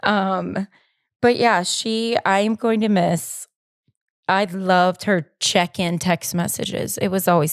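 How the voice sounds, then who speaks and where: A woman's voice: medium pitch, steady tone, takes it slowly, dry recording, studio quality. A woman hosting a podcast alone, talking in a rambling, candid, self-deprecating way and fighting back emotion. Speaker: podcast co-host. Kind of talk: casual personal monologue.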